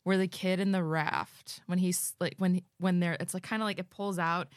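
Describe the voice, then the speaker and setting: A woman co-hosting a podcast, with a fairly low voice. She rambles giggly and casual, full of "like" fillers, in a dry, close recording. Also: fairly even intonation, moderate pace, no room sound. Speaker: podcast co-host. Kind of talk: casual chat.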